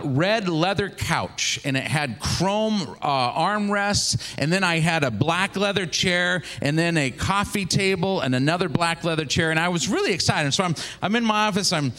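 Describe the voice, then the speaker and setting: A man in his forties from the Seattle area, a traveling minister telling a lively story in a sermon and acting out the people in it. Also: high-pitched. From Seattle, Washington area. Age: 40s. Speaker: traveling minister, former pastor.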